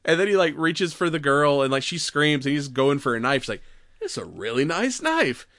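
A man's voice: a little high, a little fast, fairly bright tone, dry recording. A man co-hosting a podcast, retelling a film in casual chat, laughing often and acting out its lines. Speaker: podcast co-host.

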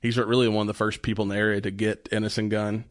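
Relaxed low-voiced man chatting. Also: fast talker, dry recording, studio quality. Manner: relaxed, rambling with restarts. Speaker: podcast co-host. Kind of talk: casual chat reviewing beer.

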